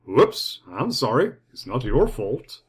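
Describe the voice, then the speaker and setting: Guy playing a grumbly sarcastic purser, lively delivery. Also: medium pitch, slow pace, husky, full character voice. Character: sarcastic male cruise ship purser.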